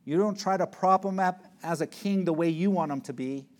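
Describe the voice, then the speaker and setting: A man preaching an expository sermon, reading scripture slowly and pressing his points with emphasis. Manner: emphatic, swings between loud peaks and low hushed words; reads scripture aloud slowly and deliberately.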